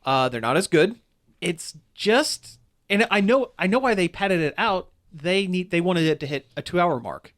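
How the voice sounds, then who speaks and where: A man's voice: sits high, lively intonation, normal speed, a bit bright. A man on a casual podcast, rambling through a critical movie review with lots of restarts. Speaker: podcast co-host. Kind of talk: casual chat.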